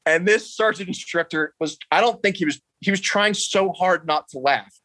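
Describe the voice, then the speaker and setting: Animated storytelling man, bright voice. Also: high voice, normal speed, dry recording, rough recording. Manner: animated, laughs often, quotes others in raised voice. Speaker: podcast guest. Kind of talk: casual storytelling.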